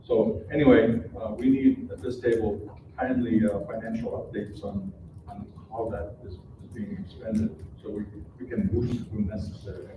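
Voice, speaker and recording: A council member makes his point slowly and haltingly, stopping often on fillers. He is heard from a distance across a very reverberant room. There is steady noise in the background. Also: lowish voice. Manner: deliberate, halting, with many fillers. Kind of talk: council meeting remarks. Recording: very echoey room, distant mic, noisy.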